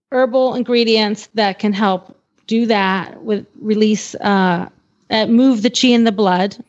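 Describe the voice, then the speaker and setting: A woman's voice: mid-range voice, dull audio. A woman co-hosting a casual radio chat, explaining herbal remedies for horses. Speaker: co-host, holistic veterinarian.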